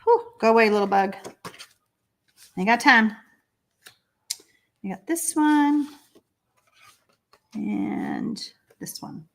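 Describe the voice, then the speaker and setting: Texan lady doing a live card stamping class, high bubbly voice, chats with viewers. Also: takes it slowly, long pauses. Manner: chatty, excitable, answers viewer comments. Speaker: card-making teacher. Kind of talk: live crafting tutorial.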